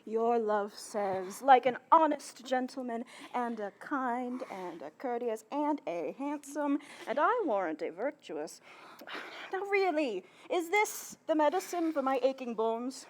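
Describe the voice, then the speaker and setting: A woman's voice: on the high side, expressive, unhurried. A woman playing an older, bawdy, complaining nurse in an outdoor Shakespeare performance, with theatrical groans and exclamations. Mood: teasing. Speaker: stage actor.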